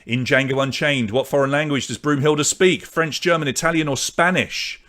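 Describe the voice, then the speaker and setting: A man hosting an online pub quiz, reading out questions, answer options and scores in a brisk, chatty way. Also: fairly high pitch, a bit bright. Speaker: quiz host.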